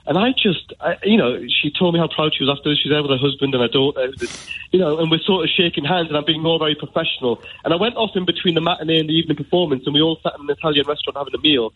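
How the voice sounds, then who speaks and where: A man's voice: fairly high pitch, very fast. A man from Newcastle with a Geordie accent, calling in to a radio show and telling a heartfelt story in a rambling way, full of "you know". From Newcastle, England. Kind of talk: emotional phone-in storytelling. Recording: tinny phone line on radio.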